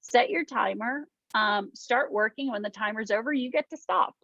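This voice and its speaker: A woman's voice: on the high side, moderate pace, gravelly, sharp tone, no room sound. A woman life coach leading a small workshop in a chatty, casual way, with many ums and little acted-out quotes. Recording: dull lo-fi dry sound.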